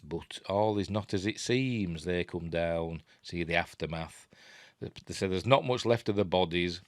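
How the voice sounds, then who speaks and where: A man's voice: low voice, normal speed, dry recording. A middle-aged man with a Yorkshire accent, giving a rambling, chatty film breakdown full of fillers. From Yorkshire, England. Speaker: film reviewer. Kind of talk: casual film breakdown commentary.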